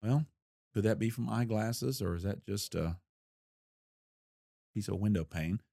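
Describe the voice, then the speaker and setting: An older man and former investigator telling a case story in a folksy, unhurried way with a wry edge. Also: lowish voice, creaky, mellow, no echo, studio quality. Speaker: retired federal investigator recounting a case. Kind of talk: storytelling interview.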